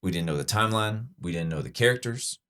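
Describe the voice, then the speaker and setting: This podcast host talks quickly and animatedly while breaking down a trailer, his fairly low voice carrying a fairly bright tone. The chat is casual and enthusiastic, with lots of fillers and restarts.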